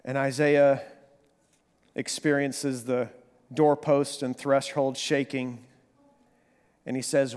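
A man preaching a sermon, swinging from hushed, slow passages to animated, emphatic bursts. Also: medium pitch, smooth. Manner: dynamic preaching, drops to near whisper then rises to animated emphasis. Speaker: pastor. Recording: long hall reverb.

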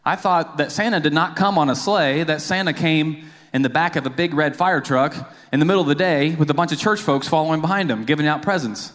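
A man's voice: fairly high pitch, brisk, a bit bright. Chatty man preaching in a reverberant church. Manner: informal and self-deprecating, with many fillers and restarts. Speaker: church accountant giving the sermon. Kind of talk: lay sermon with jokes and stories. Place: church sanctuary. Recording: long reverb of a church hall.

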